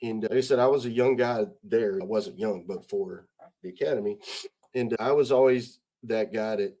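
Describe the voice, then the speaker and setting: A man's voice: mid-range voice, a little fast, a little mellow. A middle-aged man from the United States, a retired army sergeant major, talking bluntly and with heavy swearing as a guest in a casual interview, pressing his points with rhetorical questions. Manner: blunt and heavily profane.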